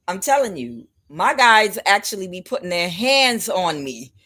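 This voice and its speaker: A woman's voice: mid-range voice, pushed and bright. A woman giving a casual spiritual tarot reading, rambling and speculative, talking straight to her viewers. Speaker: tarot reader.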